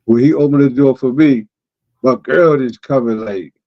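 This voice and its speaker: A man casually telling a wild story as co-host of a chat show, acting out the people in it with sudden jumps in his voice. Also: moderate pace. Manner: animated, acts out quoted voices with sudden pitch jumps. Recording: dull lo-fi audio.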